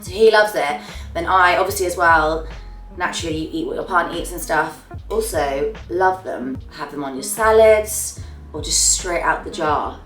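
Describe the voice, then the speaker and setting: Talking to camera about the things she loved this month, a young beauty vlogger gushes and trails off at the ends of her phrases. Her voice is fairly low and fairly bright at a moderate pace, and she's far from the mic in a roomy-sounding room with faint music playing.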